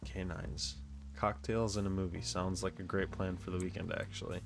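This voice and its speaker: A man giving relaxed, offhand let's play commentary while playing a game. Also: deep voice, moderate pace, creaky. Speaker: gameplay commentator.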